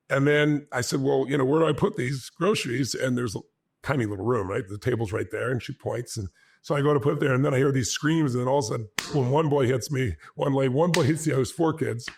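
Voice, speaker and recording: Husky man telling a personal story. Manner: animated storytelling, acts out dialogue with pitch jumps. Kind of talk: personal story told to an audience.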